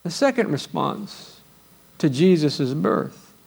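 High-voiced pastor preaching a sermon, quizzes the room, gets loud and soaring reading verses. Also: male voice, very animated, takes it slowly, vocal fry, husky. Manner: rises to loud exclaiming when reading scripture; asks the congregation questions.

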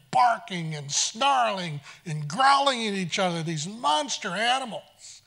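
A male preacher tells a dramatic story from the stage, his voice swinging between loud passages and hushed ones. He speaks in a high, bright voice.

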